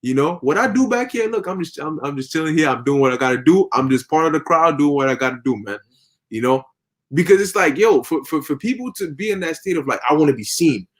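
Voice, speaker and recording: A man's voice: on the high side, expressive, quick pace, a bit bright. Guy chatting about faith, voice jumps around a lot, quotes verses, plays out little voices. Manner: preachy, quotes scripture, acts out voices. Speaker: religious discussion co-host. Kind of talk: casual religious discussion.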